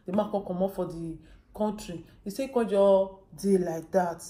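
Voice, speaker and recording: A woman's voice: medium pitch, steady tone, normal speed, warm tone, echoey room. A woman vlogger with a Nigerian Pidgin accent, casually retelling someone's story and voicing what each person said. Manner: retells a story with quoted dialogue.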